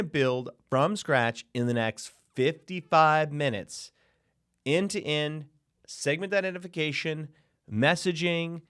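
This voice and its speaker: On a desk mic in a small room, a man gives a chatty, hyped screen-share tutorial on building AI agents, with sudden playful outbursts. His fairly high voice is measured, fairly bright, clear and resonant, and the studio sound is dry and clean.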